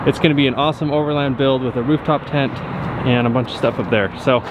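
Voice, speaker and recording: Laid-back guy showing off a truck, mid-pitched voice, lots of wind and outdoor noise. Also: steady tone, fast. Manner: easygoing, upbeat, frequent "um" fillers. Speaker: truck reviewer. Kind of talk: casual walkaround vlog.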